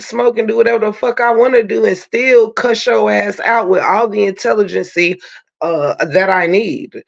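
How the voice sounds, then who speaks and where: A man, hosting his own channel and roasting critics in a profane, taunting, drawn-out sassy rant. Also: high-pitched, vocal fry. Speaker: channel host. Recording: dull lo-fi stream audio.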